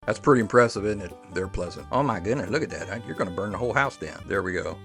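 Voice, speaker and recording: A man's voice: fairly low pitch, animated, fast talker, a bit bright, soft background music. A man with an Appalachian accent hosting a casual, unscripted outdoor-gear demonstration in an easygoing, good-natured way. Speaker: host, woodsman.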